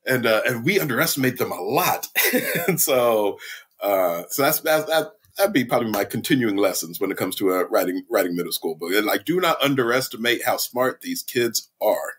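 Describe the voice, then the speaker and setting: A man, an author and middle school teacher, telling animated stories as a podcast guest, laughing often and mimicking his students. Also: medium pitch, normal speed, breathy edge. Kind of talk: casual storytelling interview.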